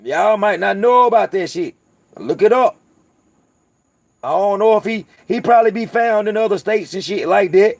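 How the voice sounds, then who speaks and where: Rambling through stories on his channel's casual livestream, this Southern-accented host from North Carolina swears freely as he talks to viewers. He has a high, gravelly voice with lively intonation and a moderate pace, recorded without echo.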